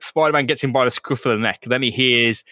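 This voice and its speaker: A man with a bright, forward voice recaps a comic book for a podcast audience. He swears freely and acts out bits of dialogue. The sound is dry and close to the mic. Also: medium pitch, fast talker, no echo. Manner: crude, laughing, animated retelling with swearing. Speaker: podcast co-host.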